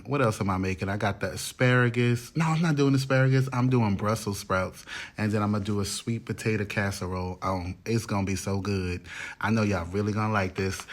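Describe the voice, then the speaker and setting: A man talking casually in a rambling, chatty way as he cooks dinner in his home kitchen, speaking straight to his viewers. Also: lowish voice. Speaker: home cooking vlogger. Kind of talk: casual chatty cooking vlog.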